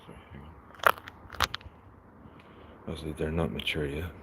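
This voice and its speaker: A man with an Irish accent hosting a casual live gardening walkthrough, soft-spoken and mumbly, often half-whispering to his plants and insects. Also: rumbling low, steady tone, measured pace, gravelly. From Ireland. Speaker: gardening livestream host. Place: outdoor vegetable garden. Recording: noisy outdoor livestream audio.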